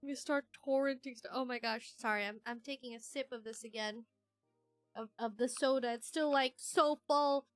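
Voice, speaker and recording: A woman's voice: a little high, normal speed, no echo, soft background music. A woman streamer chatting casually and reading chat aloud, giggly and rambling with lots of fillers.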